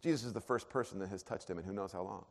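A man preaching a sermon, earnest, dropping to a hush and then rising to emphatic peaks. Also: low voice, very fast. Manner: earnest, swings from hushed to emphatic. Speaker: pastor. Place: church auditorium. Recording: long hall reverb.

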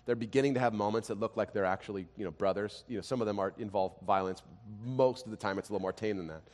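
Animated male pastor in reverberant hall. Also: lowish voice, fast talker. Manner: animated storytelling, swings from quiet to loud. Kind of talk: sermon.

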